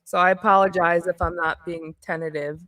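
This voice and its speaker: A woman hosting a live stream panel, chatting casually, giggly and excitable with lots of fillers. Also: on the low side, fairly quick, dry recording. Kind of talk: casual chat.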